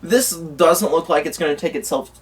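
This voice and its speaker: Guy with a kinda high voice rambling about movies, um and uh a lot, sounds a bit far from the mic. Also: normal speed. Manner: rambling, many fillers and restarts. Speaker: co-host. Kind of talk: casual chat about movie news. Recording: voice from away from the mic.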